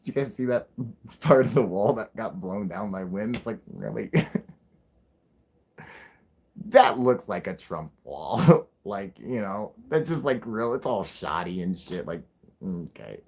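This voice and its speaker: A young man with a somewhat low, husky voice, hosting a casual livestream. He rambles and swears with a lively, swooping pitch. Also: unhurried. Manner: rambling, profane, laughing often. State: high. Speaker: livestream host.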